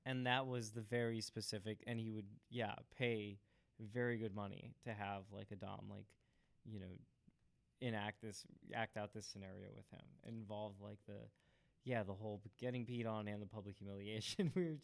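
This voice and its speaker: A man's voice: fairly low pitch, fairly even intonation, normal speed, gravelly. A man co-hosting a podcast who chats casually, adds joking asides and asks wry follow-up questions. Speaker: podcast co-host. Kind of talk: casual chat.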